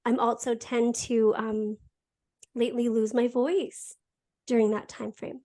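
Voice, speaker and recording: A woman's voice: fairly high pitch, fairly even intonation, measured pace, darkish tone. A young woman hosting a casual conversation, talking candidly, laughing often and restarting her sentences. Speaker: podcast host.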